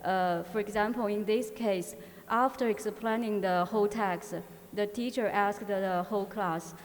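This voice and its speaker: Halting woman presenting in a reverberant hall. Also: mid-range voice, steady tone. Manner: halting, frequent filler pauses and restarts. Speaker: conference presenter. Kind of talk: academic conference talk. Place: university conference hall. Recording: long reverb of a conference hall.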